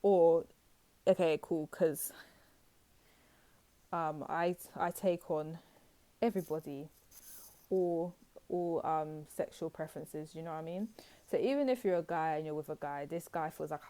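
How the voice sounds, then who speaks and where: A woman's voice: deep voice, a little slow, pauses often, dark tone. A young woman giving a casual, blunt tarot reading to her viewers, acting out people's reactions as she goes. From United Kingdom. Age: young adult. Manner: chatty, blunt, acts out quoted reactions. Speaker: tarot reader.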